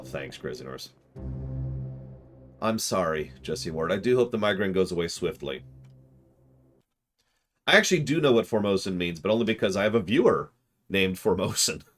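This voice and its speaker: In a casual livestream, a man talks with viewers and rambles through the game's puzzles aloud, his low voice carrying a bit of brightness.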